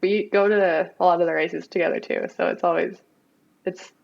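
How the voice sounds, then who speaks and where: A young woman, a bike racer, chatting in a relaxed interview with lots of likes and ums over dull remote call audio. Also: on the low side, normal speed, creaky. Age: young adult. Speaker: mountain bike racer, guest. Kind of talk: casual interview chat.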